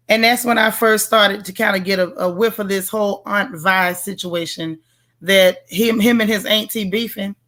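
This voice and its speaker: A woman's voice: a little high, fairly bright tone. A woman hosting a casual livestream, reviewing a TV show in a sassy, playful way and talking straight to her viewers. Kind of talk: casual livestream chat, reading viewer comments.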